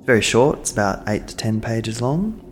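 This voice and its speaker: A man co-hosting a podcast, chatting casually and animatedly. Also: medium pitch. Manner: animated, chatty, quick to react. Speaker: podcast co-host. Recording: long hall reverb, faint noise.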